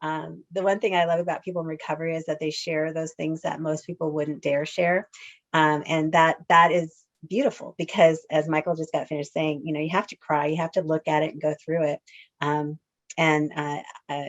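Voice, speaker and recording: A woman's voice: deep voice, level tone, normal speed. A woman hosting an online poetry event, effusive and emotional, introducing performers between laughs. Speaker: event host. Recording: dull lo-fi audio.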